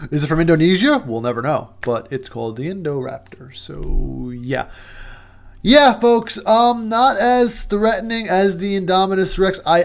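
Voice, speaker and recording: Male movie reviewer, casual rambling rant, profane and sarcastic, slightly higher pitch.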